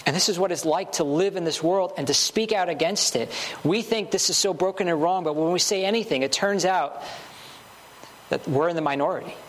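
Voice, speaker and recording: A man's voice: high-pitched, brisk, a little hiss or hum. A man preaching a sermon earnestly, building emphasis with short repeated phrases.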